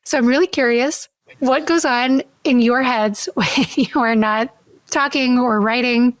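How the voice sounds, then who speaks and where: A woman co-hosting a podcast in a casual chat, curious and quick to laugh. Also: fairly high pitch, fairly even intonation, no room sound. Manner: curious, laughs easily, asks questions. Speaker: podcast co-host.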